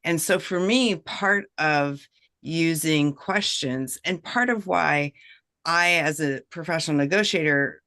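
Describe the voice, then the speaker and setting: A woman who works as a professional negotiator, a guest on a video-call chat, speaking in a measured, reflective way and checking in often with "right?". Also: deep voice, bright, forceful tone. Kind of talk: casual chat, giving advice.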